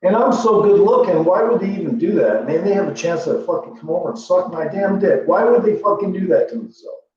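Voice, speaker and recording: A man's voice: high-pitched, lively intonation, fairly quick, a little mellow. A man rambling in a boastful, profane, meandering casual monologue as a livestream host. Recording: echoey lo-fi room from far off with faint hum.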